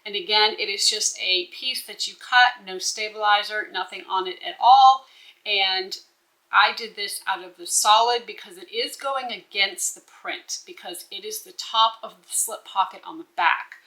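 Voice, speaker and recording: Woman instructor, crisp bright voice, patient step-by-step sewing walkthrough. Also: medium pitch, normal speed, poor audio. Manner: instructive, checks in with "okay?". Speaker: bag-making instructor.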